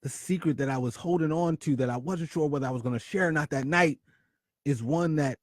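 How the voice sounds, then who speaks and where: A man hosting a talk show, telling a personal story with dramatic swings between loud excitement and hushed confession. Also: on the high side, brisk, dry recording, studio quality. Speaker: podcast host.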